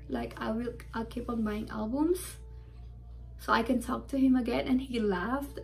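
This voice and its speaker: Young woman rambling about her fan call, high voice, lots of likes, soft music under it. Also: creaky. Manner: rambling and excitable, many "like"s. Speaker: fan vlogger. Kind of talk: casual storytime chat.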